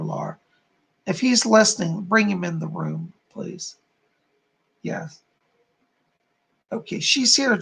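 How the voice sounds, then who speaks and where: A man hosting a live-stream of psychic readings, a psychic medium, soothes his viewers and calls them darling and hon. His voice is high and creaky, a bit bright, with a breathy edge.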